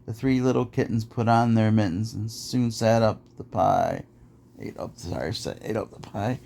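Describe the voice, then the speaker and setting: A man's voice: fairly low pitch, normal speed, vocal fry, dark tone. A man reading nursery rhymes aloud in a rhythmic, sing-song way, as host of a podcast.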